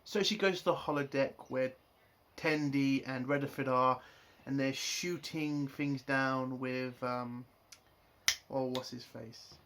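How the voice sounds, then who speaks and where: A man's voice: medium pitch, fairly even intonation, takes it slowly, fairly bright tone. A man giving a casual spoken review of a TV episode. He rants in an exasperated way and swears a lot.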